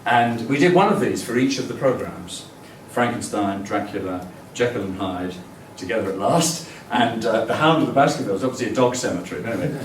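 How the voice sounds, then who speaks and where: A man's voice: fairly low pitch, animated, fairly quick, hardly any pauses, a little hiss or hum. An older man giving a chatty, rambling public lecture full of fillers and restarts. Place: lecture hall. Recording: echoey hall, distant mic.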